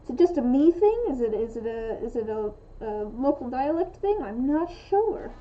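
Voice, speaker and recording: Very animated at a normal speed, her high-pitched voice has its highs cut off and a little hiss or hum underneath. She's a young streamer from the western United States crafting resin dice live, rambling with many restarts and fillers as she thinks aloud, in a western American accent that often drops the g in -ing endings.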